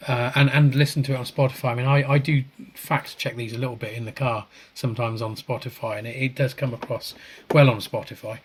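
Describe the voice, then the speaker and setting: A man co-hosting a podcast on a video call, reading out viewer comments in a relaxed chat, chuckling often and restarting his sentences. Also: mid-range voice, a little fast, few pauses, a little hiss or hum. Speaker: podcast co-host.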